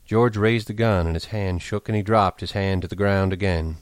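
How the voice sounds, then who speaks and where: Low-voiced man narrating a story. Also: no echo, clean studio sound. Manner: measured, even storytelling. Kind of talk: audiobook narration.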